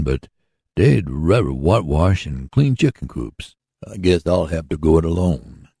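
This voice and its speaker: A man's voice: low voice, creaky, dark tone, slightly rough, dry recording, clean studio sound, full character voice. A man voicing a folksy, earnest older man who runs a mule-powered sawmill, in a storybook reading.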